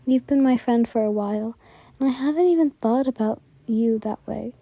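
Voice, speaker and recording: A woman doing a poised, protective young heiress in whispered role-play. She speaks gently and politely, in a slightly high, dark, mellow tone, close and dry. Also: normal speed, no room sound. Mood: tender. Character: poised wealthy young heroine, kind and protective.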